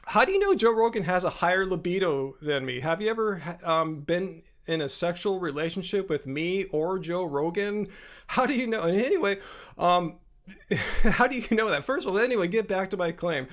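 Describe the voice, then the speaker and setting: A man in his fifties runs a live stream Q&A and answers his chat directly. His voice sits fairly high for a man, and he talks in a combative, sarcastic way, often rambling and restarting his sentences. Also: very animated, moderate pace, a bit bright. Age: 50s. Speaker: livestream host.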